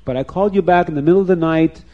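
A man voicing a wise, kind elderly rabbi who speaks quietly and patiently. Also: fairly high pitch, rapid-fire, phone-quality sound, lightly acted. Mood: explaining. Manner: quiet, soft-spoken, patient.

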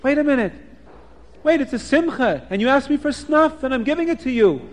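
A man's voice: very high voice, animated, fairly quick, long reverb tail, pitched above the performer's own voice. A man doing a bewildered kind rich father. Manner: earnest, protesting.

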